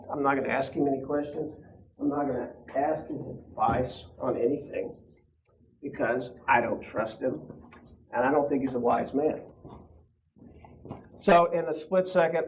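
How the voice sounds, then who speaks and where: A man in his fifties teaching a church class, telling a personal story in a casual, chatty way and asking the class questions. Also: medium pitch. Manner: conversational, laughs often, asks the class questions. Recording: dull lo-fi room recording.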